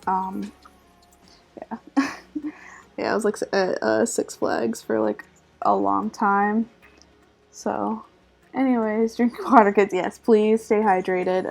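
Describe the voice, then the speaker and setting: Groggy, creaky-voiced woman streamer. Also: medium pitch. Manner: relaxed and chatty, often laughing and trailing off while focused on drawing. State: slightly scratchy, groggy voice. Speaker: art streamer. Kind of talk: casual chat while drawing on a live stream.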